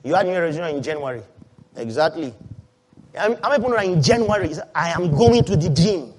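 A male pastor preaching a sermon in a church, swinging between loud calls and hushed asides and asking the congregation questions. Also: fairly high pitch, lively intonation, quick pace, noisy background.

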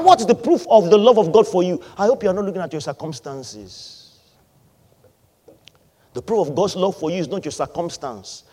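A man preaching a sermon, asking the congregation questions and answering them, swinging between loud emphatic lines and quieter asides. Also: on the high side, husky. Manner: call-and-response questions to the congregation.

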